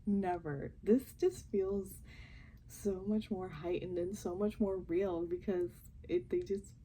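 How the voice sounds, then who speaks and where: A young woman chatting casually and softly at home as she reacts to a TV show, often giggling. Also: on the low side, takes it slowly, slight background noise, low-quality recording. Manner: talking softly and quietly, giggly. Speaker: reaction vlogger. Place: home while family sleeps.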